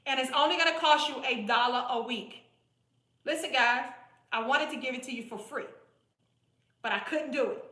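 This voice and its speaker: A woman's voice: high-pitched, normal speed, pauses often, pushed and bright. A woman weight-loss coach talking straight to her viewers in a blunt, chatty way on a live stream. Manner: direct, chatty, repetitive, calls viewers "boo". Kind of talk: casual live-stream sales pitch. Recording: roomy echo.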